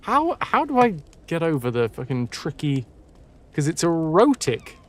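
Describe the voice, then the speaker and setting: British man reading aloud, fairly high voice. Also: huge pitch swings, a little slow. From Britain. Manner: self-correcting, swears, repeats words to practise them. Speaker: live streamer. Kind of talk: reading a story aloud on a live stream.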